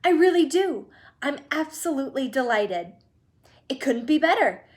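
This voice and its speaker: A woman's voice: fairly high pitch, lively intonation. A woman reading aloud and voicing an exuberant, eccentric male candy-maker who gushes with theatrical enthusiasm. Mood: delighted. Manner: gushing, theatrical, fast-shifting enthusiasm.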